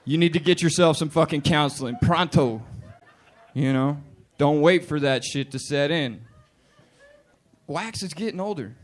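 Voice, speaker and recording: A man's voice: on the high side, unhurried, long pauses. A man in his late twenties doing a profane, punchy stand-up comedy set in a bar. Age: 20s. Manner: profane, loud, punchy delivery with put-on voices. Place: bar stage with live audience.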